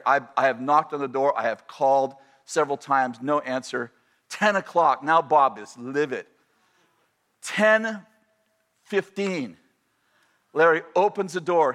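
A man telling a personal story in a sermon, animated and self-interrupting, often repeating and restarting his phrases. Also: on the high side.

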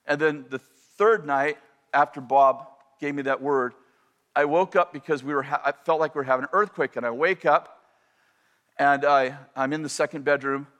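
A man tells a personal story from the pulpit in a slightly raised voice, breaking off mid-phrase and circling back with quick restarts. His delivery is animated and conversational rather than polished, like a speaker caught up in his own tale. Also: on the high side. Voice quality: animated, self-interrupting, repeats and restarts phrases. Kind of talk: storytelling sermon anecdote.

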